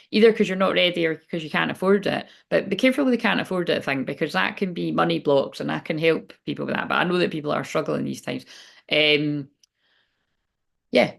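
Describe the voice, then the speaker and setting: A woman's voice: on the low side, vocal fry. A woman who works as a spiritual coach, giving a chatty, rambling oracle card reading and swearing casually.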